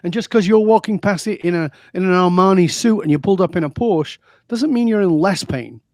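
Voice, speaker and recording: A man's voice: high voice, fairly quick, darkish tone, no room sound. Emphatic man with a dry sound. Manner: emphatic, preachy storytelling. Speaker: guest. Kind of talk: interview conversation.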